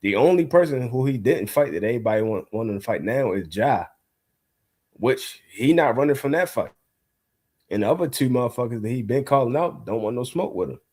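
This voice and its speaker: A man's voice: mid-range voice, lively intonation, brisk, darkish tone, slightly rough. Man, co-host, casual profane boxing talk, straight-ahead delivery. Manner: blunt, profane, opinionated.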